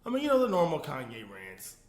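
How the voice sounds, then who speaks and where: A man hosting a casual solo commentary show, animated, laughing often and talking straight to his viewers. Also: on the high side, quick pace, echoey room, a little hiss or hum. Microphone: phone.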